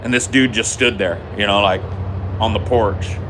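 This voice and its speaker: A man hosting a podcast, telling a funny story in an animated, profane way. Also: on the low side, normal speed, noisy background. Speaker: podcast host. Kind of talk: comedic storytelling.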